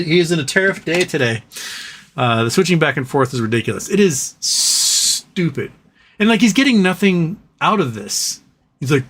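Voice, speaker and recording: A man's voice: a little high, a bit bright. A man hosting a live stream, chatting casually and reading viewer comments, with a sarcastic, ranting, profane manner. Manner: ranting, sarcastic, profane, reads chat messages aloud. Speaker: livestream host.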